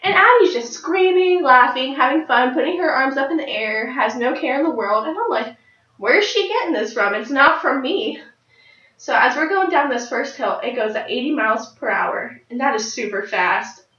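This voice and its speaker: A nineteen-year-old woman telling a personal story in a speech, with lively, excited jumps in her voice. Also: high voice, normal speed, few pauses. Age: late teens. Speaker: speaker giving a personal speech. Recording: dull, roomy sound from a distant mic.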